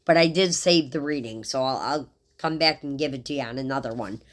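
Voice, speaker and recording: A woman's voice: rumbling low, fairly quick, slight background noise. A middle-aged woman giving a casual, rambling tarot reading and talking straight to her viewers in a heartfelt way. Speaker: tarot reader.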